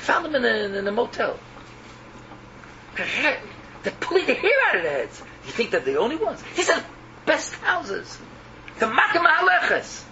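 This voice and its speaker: A man's voice: very high voice, wildly swooping pitch, unhurried, pauses often, bright, forceful tone. A man preaching in English mixed with Yiddish and Hebrew terms, emotional and repetitive, swinging between cries and murmurs. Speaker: rabbi. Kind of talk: Yiddish-laced sermon. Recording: muffled lo-fi recording with background noise.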